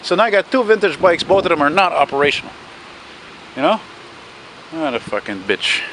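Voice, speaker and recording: A man's voice: a little high, big pitch swings, fairly quick, a bit bright. Man, casual walking vlog, rambling, swearing, traffic noise behind. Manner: rambling, swears often, chats to viewers. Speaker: vlogger. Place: outdoors on a city street at dusk. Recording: street noise and passing cars. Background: street traffic.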